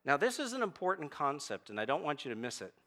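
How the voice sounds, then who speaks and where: A man's voice: on the high side, sing-song, fast, fairly bright tone. A male pastor preaching a sermon, building to emphatic peaks as he reads and explains scripture.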